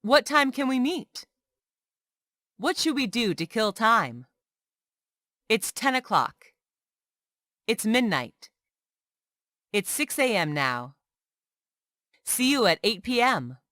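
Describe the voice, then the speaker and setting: A woman reading short everyday English phrases aloud one by one, clearly and carefully, as a language lesson. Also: on the high side, sing-song, slow pace, long pauses, pushed and bright, no room sound, studio quality. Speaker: English teacher.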